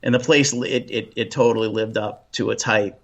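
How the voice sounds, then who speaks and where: A man from Boston with a Boston accent, chatting as a guest in a relaxed interview, rambling with lots of restarts and ums. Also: fairly low pitch, moderate pace, lo-fi sound. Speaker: paranormal investigator guest. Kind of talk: casual interview chat.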